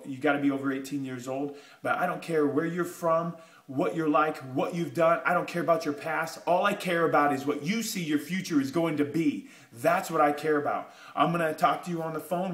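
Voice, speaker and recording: A man giving a motivational pitch, emphatic and repetitive, pushing his points with rising urgency. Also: a bit bright, reverberant. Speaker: motivational speaker.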